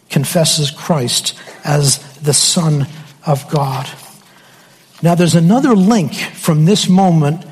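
A man preaching a sermon slowly and emphatically, with dramatic pauses. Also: on the high side, a little mellow, slightly rough, in a large hall.

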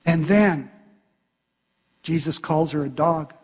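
A man's voice: on the high side, slow, darkish tone, in a large hall. A man preaching a sermon as pastor, retelling a story with voiced quotes.

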